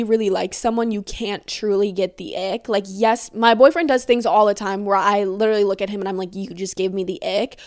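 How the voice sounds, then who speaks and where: A young woman in her twenties hosting a podcast, chatting casually in a rambling, giggly way with lots of filler words and casual swearing. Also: mid-range voice. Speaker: podcast host. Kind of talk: casual chat.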